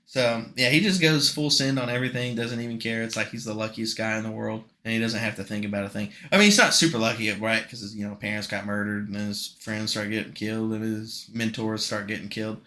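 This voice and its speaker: A man's voice: fairly low pitch, fairly even intonation, fast, few pauses, bright, forceful tone. A young man co-hosting a podcast in casual chat, joking and rambling, laughing often. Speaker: podcast co-host.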